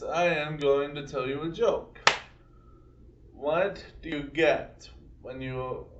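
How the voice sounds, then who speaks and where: A young man telling rambling personal stories in a halting way, with many restarts. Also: a little high, a bit bright. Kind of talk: casual storytelling to camera. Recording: distant mic in an echoey room, dull sound.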